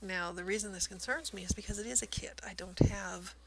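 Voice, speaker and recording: A woman shows off her stitching in a relaxed home video, chatty and self-deprecating. Her voice has a gravelly fry, and she often slips into soft near-whispers. A faint hiss sits under the recording. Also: mid-range voice, a little fast, rough recording. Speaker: cross stitch vlogger. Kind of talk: casual show-and-tell narration.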